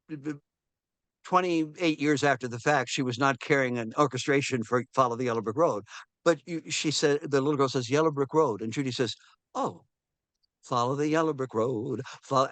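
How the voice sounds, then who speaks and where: In a casual interview, a seventy-something film historian spins lively anecdotes, imitating the people he quotes and often restarting sentences amid fillers. His voice sits in the mid range, with no echo.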